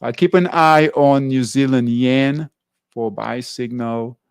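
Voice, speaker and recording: Slow, gravelly man walking through charts. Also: mid-range voice, fairly even intonation, no echo. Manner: halting, repeats "all right" between currency pairs. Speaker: trading show host. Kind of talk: live trading class, chart walkthrough.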